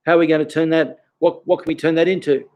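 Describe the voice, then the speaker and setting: A man's voice: on the high side, flat delivery, quick pace, a little mellow. A man, a karate instructor giving casual teaching advice, peppering his talk with questions and "okay".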